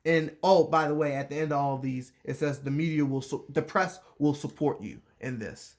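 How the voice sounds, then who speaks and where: Man, casual commentary, slightly high voice, rambling, repeats himself, restarts sentences. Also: normal speed, hardly any pauses, a little mellow. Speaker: commentator reading a letter aloud. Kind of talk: casual chat.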